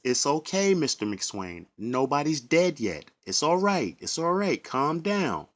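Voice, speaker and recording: A man's voice: fairly high pitch, big pitch swings, unhurried, pitched above the performer's own voice. A man voicing a reassuring female union representative in a spoken retelling. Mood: soothing. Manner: soothing, earnest.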